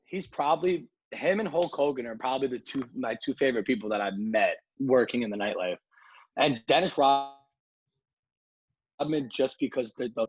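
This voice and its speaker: A man, a nightlife promoter, telling lively stories on a podcast, acting out the people he quotes. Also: medium pitch, slightly rough, no echo, lo-fi sound. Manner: animated storyteller, acts out quotes, many fillers like "like". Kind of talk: casual podcast storytelling.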